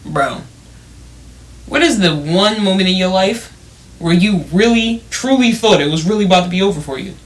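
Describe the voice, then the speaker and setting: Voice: mid-range voice, moderate pace. A young podcast co-host chatting casually and retelling stories with quoted lines. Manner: expressive, retells scenes in quotes. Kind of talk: casual chat.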